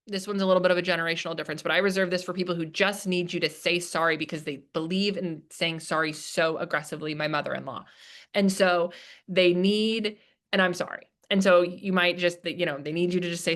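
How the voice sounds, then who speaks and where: In a presentation room, a woman speaking at a business workshop talks in a relaxed, chatty way, using lots of fillers and performing quoted lines to illustrate points. Her voice is lowish and fairly bright, at a moderate pace.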